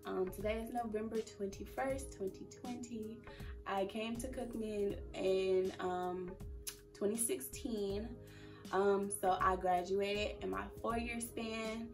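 A woman's voice: medium pitch, fairly even intonation, takes it slowly, recorded from a distance, music in the background. A young woman in her early twenties talking casually to camera in a vlog, emotional and fighting back tears. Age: early 20s. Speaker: vlogger.

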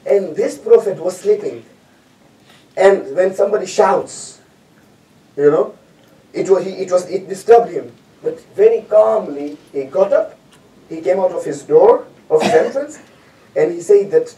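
A man's voice: sits high, animated, a little slow, pauses often, mellow. A man giving a storytelling sermon as lecturer, repeating phrases for emphasis and asking rhetorical questions. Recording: echoey hall, distant mic.

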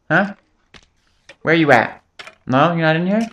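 A man's voice: fairly high pitch, expressive, measured pace, pauses often, fairly bright tone. A young man giving casual, joking commentary over his own gameplay, rambling between topics and swearing often. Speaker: gaming channel host.

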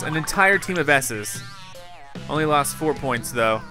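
A young man giving casual live commentary on his own gameplay, excitable and quick to break into loud frustration. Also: mid-range voice, faint music behind. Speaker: gaming YouTuber.

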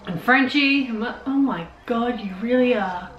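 A young woman hosting a reaction video, talking back at the screen with lots of swearing and excited outbursts. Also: fairly high pitch, moderate pace, muffled recording, slight background noise. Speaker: reaction channel host. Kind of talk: casual reaction commentary. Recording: roomy echo, TV sound under. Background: show audio playing from the TV.

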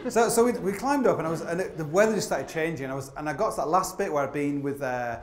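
A man whose voice is a little high speaks fast while telling comic climbing stories live on stage. The storytelling wanders, full of fillers and the odd curse, captured with roomy theatre acoustics and faint noise.

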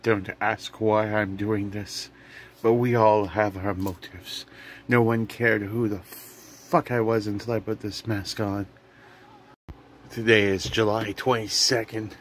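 A man rambles through a comedy vlog. He drifts between goofy jokes and quiet, soft-spoken asides. He talks at an unhurried pace over a faint background hum. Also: fairly low pitch, level tone. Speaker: comedy vlogger.

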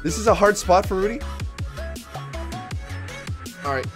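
A man with a fairly high, very lively voice that swoops up and down as he comments on his own gameplay. He mocks himself and his chat with a sarcastic edge and swears freely. Faint music plays behind him. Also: measured pace. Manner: sarcastic, swearing, self-mocking banter. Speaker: streamer.

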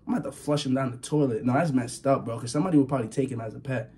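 A young man talking to his viewers in a casual vlog, nervous and rambling, with a slightly husky voice. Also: medium pitch, racing, dark tone. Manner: nervous, jumpy, rambling, slangy, yelps and laughs. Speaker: vlogger.

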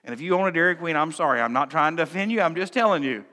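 A male pastor preaching from the pulpit with a bright, forceful tone. He swings from hushed to loud and drops humorous asides. His voice rings with the long reverb of a church sanctuary. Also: a little high, expressive, very fast. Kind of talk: sermon.

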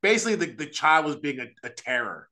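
A man speaking as an Orthodox priest on a podcast, earnest and animated, with frequent restarts and quick asides. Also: fairly high pitch. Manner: earnest, animated, acts out quoted voices. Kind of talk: casual religious discussion.

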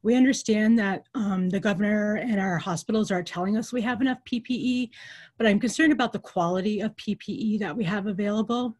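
At a virtual town hall, a woman who is a nurse and a representative for nurses talks with earnest emotion, using pauses and filler words. She has a medium-pitched, slightly mellow voice.

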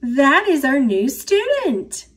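Woman reading a kids book as a kind teacher talking to her class, slow and patient. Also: high voice, wildly swooping pitch, voice pushed up, heavily acted. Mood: encouraging. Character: kind, patient female schoolteacher. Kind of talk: picture book read-aloud.

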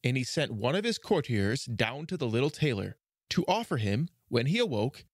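A man narrating a fairy tale for a children's podcast, measured and expressive. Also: medium pitch, dry recording, clean studio sound. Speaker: storyteller. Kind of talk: storybook narration.

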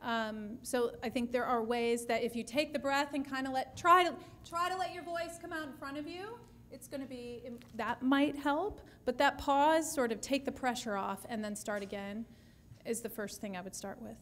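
A woman with a notably high voice explains things to a session audience. She is a speech therapist taking questions, patient and measured, often backing up to restart a thought. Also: steady tone, a bit bright. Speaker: speech-language pathologist presenter.

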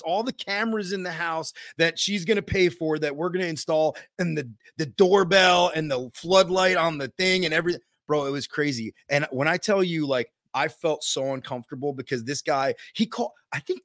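A man hosting a podcast, telling work stories in a slangy, animated way and repeating himself as he goes. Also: a little high, moderate pace, no room sound, studio quality. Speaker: podcast host in the HVAC trade. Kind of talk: casual podcast chat.

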